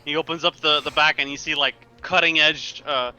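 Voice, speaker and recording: Bright-voiced male game master, laughing. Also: on the high side, fairly even intonation, brisk, rough recording. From United States. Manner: laughs often, loose rambling narration. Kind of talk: narrating a tabletop game.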